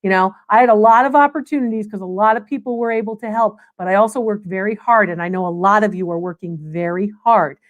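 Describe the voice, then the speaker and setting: A woman's voice: medium pitch, fast, few pauses, highs cut off. A woman hosting a live antiques Q&A, chatting to viewers in an emphatic way and repeating phrases for stress. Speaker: antiques appraiser and livestream host. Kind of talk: live Q&A chat reading viewer comments.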